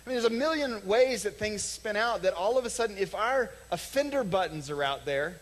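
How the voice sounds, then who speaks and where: A man preaching a sermon from the stage of a church, talking conversationally, acting out short quoted exchanges and slowing down to stress key lines. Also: sits high, animated, poor audio. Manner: conversational, acts out little quoted dialogues, slows for emphasis. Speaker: pastor. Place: church sanctuary.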